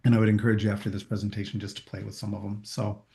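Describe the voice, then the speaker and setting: A man leading a group through a guided meditation, calm and gently reassuring. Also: lowish voice, rapid-fire, vocal fry, hardly any pauses. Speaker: meditation instructor. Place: room with a group.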